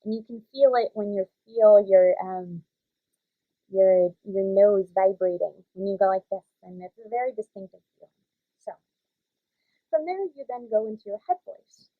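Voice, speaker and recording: A young woman teaching young children vocal warm-ups in a casual, chatty way, with many fillers. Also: mid-range voice, animated, moderate pace, dry recording. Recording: dry, phone-like audio.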